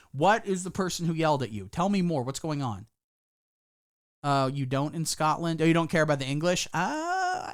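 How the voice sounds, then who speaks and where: A man's voice: mid-range voice, no echo, studio quality. A man giving casual live-stream commentary, sarcastic and rambling, swearing freely. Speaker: livestreamer.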